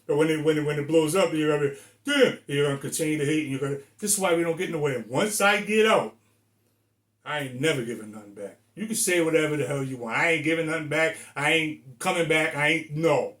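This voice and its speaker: In an echoey room, a Rhode Island man in his sixties rants to the camera with blunt emphasis and lots of profanity. A fast talker, he has a fairly high, somewhat bright voice and vlogs this way.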